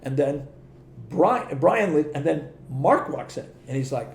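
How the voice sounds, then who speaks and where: Gravelly middle-aged man telling stories. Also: on the high side, expressive, measured pace, a little mellow, slight background noise. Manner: rambling anecdotes, acts out quoted dialogue, frequent restarts, swears. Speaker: podcast guest. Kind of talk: casual interview storytelling. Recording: echoey room.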